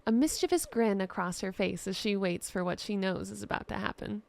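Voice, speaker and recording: A woman narrating a scripted fantasy tale in a steady, descriptive storytelling voice. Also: mid-range voice, brisk, gravelly. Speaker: writer and narrator.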